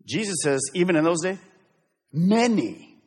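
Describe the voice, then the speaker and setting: Middle-aged male pastor, lively dramatic preaching, husky tone, church hall echo. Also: sits high, measured pace. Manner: emphatic, swings from loud exhortation to hushed intensity. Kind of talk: sermon. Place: church sanctuary.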